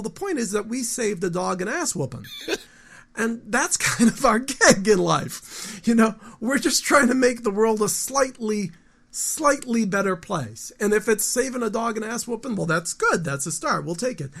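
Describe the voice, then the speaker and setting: A man in his fifties, a guest musician, talking casually in an interview in a rambling, animated storytelling way with frequent restarts. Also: sits high, creaky. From United States.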